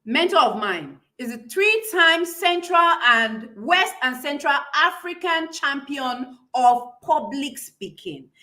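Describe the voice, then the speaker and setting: A woman's voice: sits high, expressive, takes it slowly, few pauses, bright, forceful tone. Emphatic woman public speaking coach. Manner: emphatic, repeats key phrases, laughs between points. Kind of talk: live-streamed class.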